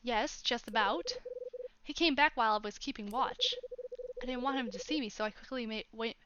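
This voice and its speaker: Woman reading weary clipped male detective from a game; flat delivery, high bright voice. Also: normal speed, dry recording, lo-fi sound. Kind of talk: reading game dialogue aloud.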